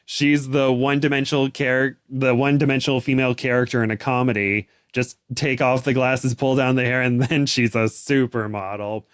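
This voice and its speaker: A young man co-hosting a casual chat, animated and full of restarts, breaking into excited voices when he quotes someone. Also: mid-range voice, moderate pace, hardly any pauses, smooth, no room sound, studio quality. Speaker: podcast co-host. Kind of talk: casual chat recapping a novel.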